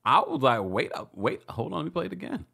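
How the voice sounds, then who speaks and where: A man's voice: a little high, quick pace, vocal fry, slightly rough. A man hosting a celebrity gossip show, chatting casually with playful shade. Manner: chatty, animated, playfully shady. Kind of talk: casual commentary.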